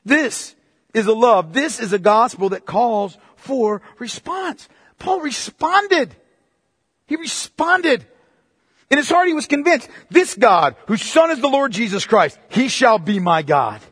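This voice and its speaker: A man's voice: expressive, breathy edge, dry recording, clean studio sound. A man preaching a sermon, emphatic and searching, calling his listeners "beloved" and pressing them with questions. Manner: emphatic, rising to forceful preaching, then dropping low and slow; addresses listeners as "beloved", asks pointed questions. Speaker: pastor.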